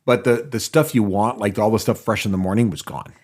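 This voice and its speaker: A man co-hosting a podcast, chiming in often with short agreements and quick asides. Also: lowish voice, a crowd in the background. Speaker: podcast co-host. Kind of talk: casual chat.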